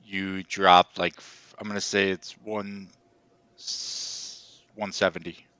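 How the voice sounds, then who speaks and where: Low smooth teasing man. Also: little pitch movement, pushed and bright, no room sound, highs cut off. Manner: teasing, quick comebacks. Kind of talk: casual chat.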